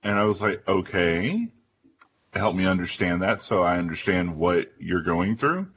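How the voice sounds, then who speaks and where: A man in his thirties hosting a round-table discussion, telling an animated story with acted-out family dialogue. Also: deep voice, unhurried, husky, rough recording. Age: 30s. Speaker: podcast host.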